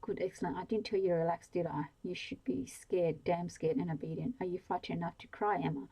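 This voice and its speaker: Villain read by a woman: controlling grown man, cold and commanding, low husky tone. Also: fast, warm tone, low-quality recording. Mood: menacing. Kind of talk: ASMR story reading.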